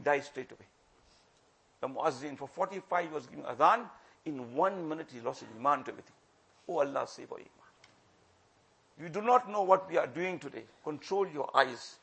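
A man delivers a sermon in a husky, gravelly voice. He pleads and warns with passion, hammering phrases again and again and dropping suddenly to a near hush. His voice sits high for a man. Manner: impassioned, repeats phrases for emphasis, swings from loud to hushed. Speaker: religious preacher.

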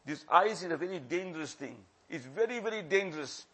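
A man preaching a sermon, impassioned, repeating phrases for emphasis and swinging from loud to hushed. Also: fairly high pitch, lively intonation, fairly quick, slightly rough. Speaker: religious preacher.

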